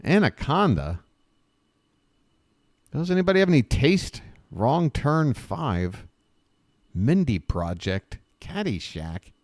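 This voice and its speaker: A man's voice: mid-range voice, very animated, takes it slowly, pauses often, no room sound, clean studio sound. A man hosting a live stream, riffing with sarcastic jokes in a rambling, self-interrupting way. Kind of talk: casual live-stream commentary.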